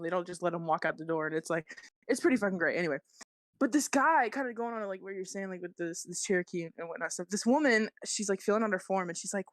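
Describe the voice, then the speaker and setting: Woman guest on a podcast, talks super fast, swears a ton, dry close mic. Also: lowish voice, dry recording. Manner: fast, profane storytelling with lots of laughing. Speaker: guest, country rap artist. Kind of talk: casual podcast chat.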